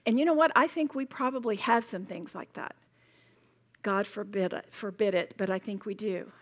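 A woman's voice: medium pitch, moderate pace. Passionate woman teaching the Bible. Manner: passionate, emphatic, animated storytelling with role-played demos. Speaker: women's Bible study teacher. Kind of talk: live Bible teaching to a women's group.

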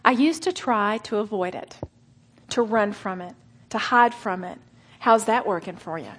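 A middle-aged woman preaching earnestly to a women's gathering, slowing for emphasis and dropping to soft whispered asides. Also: medium pitch, lively intonation, breathy edge. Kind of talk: sermon.

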